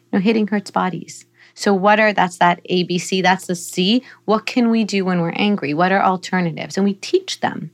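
Woman explaining parenting stuff on a podcast, calm and steady, acts out soft lines to a kid. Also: medium pitch. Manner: calm, explanatory, acts out gentle phrases to a child. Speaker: psychologist guest. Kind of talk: podcast conversation, giving parenting advice.

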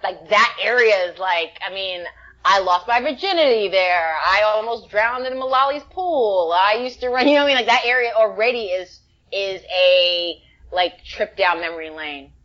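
A woman from the Bronx, an actress telling a story in a casual interview, emotional and animated, full of "like" fillers. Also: mid-range voice, normal speed. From the Bronx, New York. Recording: dull lo-fi sound.

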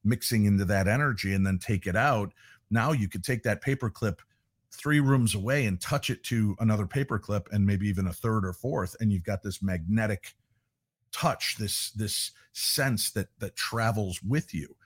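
A man's voice: on the low side, normal speed, husky, no echo, clean studio sound. A middle-aged man, a paranormal investigator, telling stories in a casual interview and animatedly acting out the voices he quotes. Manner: animated storyteller who acts out quoted voices.

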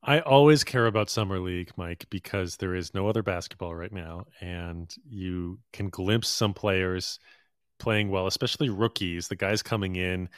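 A man's voice: deep voice, moderate pace, no room sound, clean studio sound. A man co-hosting a casual basketball podcast, offering opinions in an easygoing way with fillers. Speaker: podcast co-host.

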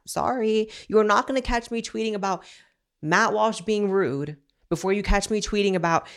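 A woman hosting an opinionated commentary show, talking in a blunt, sarcastic, ranting way. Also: medium pitch.

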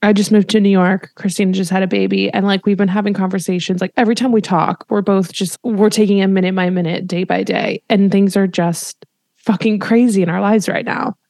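A woman's voice: medium pitch, steady tone, fairly quick, vocal fry, a little mellow, no room sound. Candid young woman co-host, dry mic. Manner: candid and frank, easily rattled, chatty fillers. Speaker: podcast co-host. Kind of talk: casual chat.

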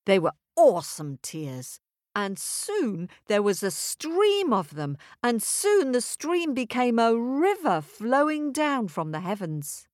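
A woman storyteller telling a folk tale in an expressive, rhythmic way. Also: on the high side, takes it slowly, no echo, studio quality. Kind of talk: storytelling for children.

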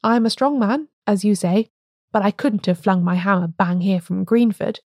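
A woman reading a storybook, voicing a loud, forthright male blacksmith. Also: medium pitch, normal speed, dry recording, clean studio sound, close to an everyday voice. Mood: insistent.

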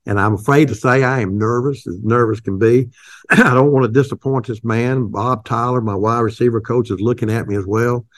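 An older man, a company founder, telling a folksy, halting story in an interview, with many restarts. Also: mid-range voice, fairly even intonation, dry recording, clean studio sound.

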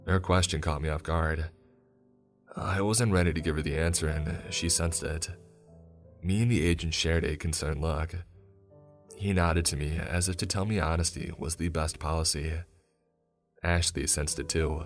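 A man with an extremely low voice narrates a tense first-person story. His delivery is steady and grave. Faint music runs underneath. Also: normal speed.

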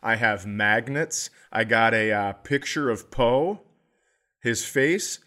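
Speaking slowly at a medium pitch, a middle-aged comedy podcast co-host wanders through long stories in relaxed conversation, breaking into lively impressions now and then.

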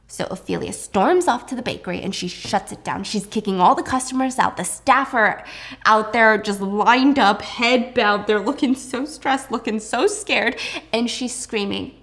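A young woman casually recapping a drama, chatty and animated. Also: a little high, moderate pace.

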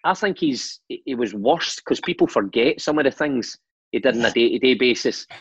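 A husky-voiced Scottish man in his forties spins lively, laughing football stories. His voice sounds dry and close, with a slightly dull, lo-fi tone. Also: medium pitch, moderate pace, no room sound. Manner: animated anecdotes, laughing and swearing. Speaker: guest, former footballer and manager. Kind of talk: casual storytelling chat.

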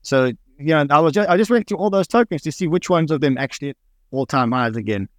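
A man's voice: fairly high pitch, expressive, fast, dry recording, studio quality. A man with a South African accent, a co-host on a live audio panel, explaining at length and running through lists of figures. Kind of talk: casual panel talk.

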